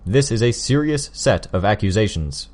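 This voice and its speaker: A man reading an audiobook, voicing a stern, gruff armored hero who speaks in low, clipped lines. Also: lively intonation, moderate pace, darkish tone.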